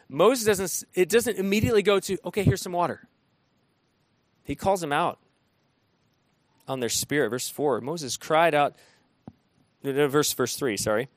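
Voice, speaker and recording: A man's voice: high voice, dry recording. Conversational male preacher, dry close sound. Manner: conversational preaching with frequent restarts and dramatized quotes. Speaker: pastor. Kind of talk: sermon.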